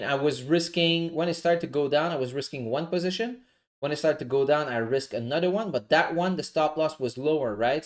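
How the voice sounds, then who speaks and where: Laid-back man with an accent explaining trades. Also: fairly high pitch. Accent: non-native English accent. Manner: relaxed, explanatory, often adds "right?" and "you know?". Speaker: forex trading coach. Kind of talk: casual live trading walkthrough.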